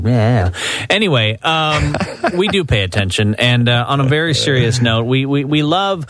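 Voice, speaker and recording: A man co-hosting a casual radio talk show, chatty and quick to laugh. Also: mid-range voice, a bit bright, dry recording. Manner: chatty, laughs easily, reads listener email aloud.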